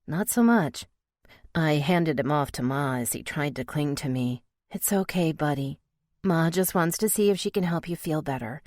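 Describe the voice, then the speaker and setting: Low-voiced female audiobook narrator. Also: expressive, normal speed, darkish tone, no echo, studio quality. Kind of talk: first-person romance audiobook narration.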